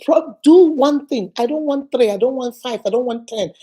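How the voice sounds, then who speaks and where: Warm, husky woman giving an emphatic talk. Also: high-pitched, normal speed. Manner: emphatic and repetitive, preacher-like; acts out quoted speech. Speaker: host of an inspirational channel. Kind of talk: motivational talk.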